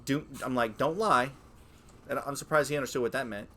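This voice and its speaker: A man in his late thirties co-hosting a podcast, telling stories in a casual, profane, animated way. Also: medium pitch, fairly quick. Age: 30s. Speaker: podcast co-host. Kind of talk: casual chat.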